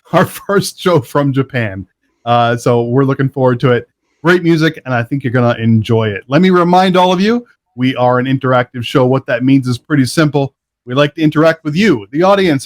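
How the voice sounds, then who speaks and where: An upbeat, chatty middle-aged man hosts a live online show. He talks casually and laughs easily. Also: mid-range voice. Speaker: show host.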